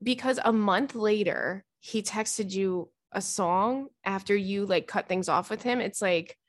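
A young adult woman hosting a podcast, reading listener emails aloud in an animated, chatty way. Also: medium pitch, measured pace, no echo, studio quality. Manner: animated, chatty, with laughs and gasps. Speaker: podcast host.

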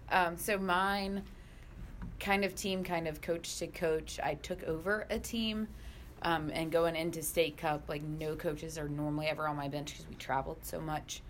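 Low-voiced chatty woman coach. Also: a little hiss or hum. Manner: chatty, lots of "like". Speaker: youth soccer club coach. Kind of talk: casual storytelling on a panel.

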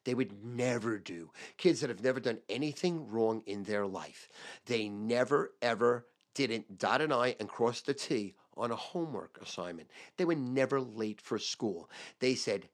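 A middle-aged man, telling a profane story in an animated, emphatic way with lots of repetition. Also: medium pitch, a little slow. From Long Island, New York.

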